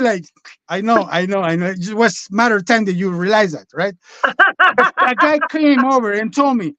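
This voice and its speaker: High-voiced man telling a blunt, rambling story. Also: lively intonation, brisk, fairly bright tone, no room sound, lo-fi sound. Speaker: podcast guest. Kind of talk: candid personal storytelling.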